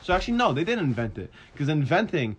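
A man's voice: fairly high pitch, big pitch swings, quick pace, slight background noise. Young man in crude casual banter. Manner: crude, joking, swears a lot. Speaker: podcast co-host. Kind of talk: casual chat.

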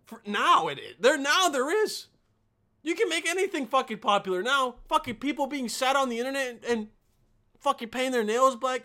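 A man tears into the clips he is watching in a foul-mouthed, exasperated rant, his voice bright and tense. He keeps breaking into outraged yelling as a reaction-video host, never calming down for long. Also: very high voice, a little slow, creaky, pauses often. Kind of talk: profane comedic reaction rant.

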